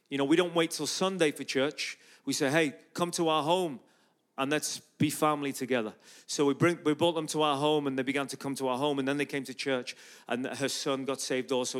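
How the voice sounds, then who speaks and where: A man's voice: medium pitch, smooth. A man from Ireland, preaching in a church and telling a story with lots of acted-out dialogue. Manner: animated storyteller who acts out dialogue. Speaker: guest preacher and street evangelist. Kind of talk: storytelling sermon.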